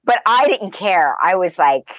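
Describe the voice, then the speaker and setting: A woman as a podcast guest, telling lively anecdotes in casual chat and laughing as she goes. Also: on the low side, a little slow, dry recording. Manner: animated, chatty, laughs through her stories.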